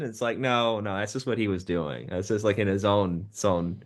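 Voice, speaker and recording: A man's voice: fairly low pitch, a little fast, few pauses. A man guesting on a casual film podcast, talking in a wry, jokey way.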